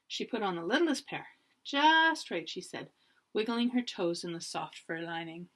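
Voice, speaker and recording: A woman teacher reading a children's storybook aloud in an expressive way. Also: on the low side, moderate pace.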